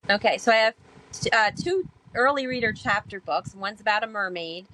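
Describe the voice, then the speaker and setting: A woman guest on a podcast telling her stories in a chatty way, with many fillers, and growing animated when she acts out past talk. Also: mid-range voice, normal speed, slight background noise, rough recording. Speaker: podcast guest, sailor and author. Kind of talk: casual storytelling interview.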